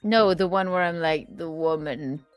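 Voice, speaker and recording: A woman hosting a casual live stream chat, talking in an animated, giggly way and swearing freely. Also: deep voice, moderate pace, faint music behind. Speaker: livestream host.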